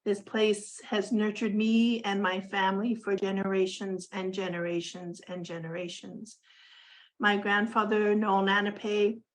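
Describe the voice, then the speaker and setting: Gentle, measured woman author. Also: mid-range voice, low-quality recording. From Canada. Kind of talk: recorded video introduction.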